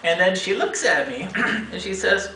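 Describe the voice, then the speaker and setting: A man in his forties telling a personal story to a meeting audience, acting out the other people's lines with sudden pitch jumps. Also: moderate pace, slight background noise. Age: 40s. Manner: animated, acts out quoted voices with big pitch jumps. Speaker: speaker at a meeting. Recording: echoey room, speaker far from mic.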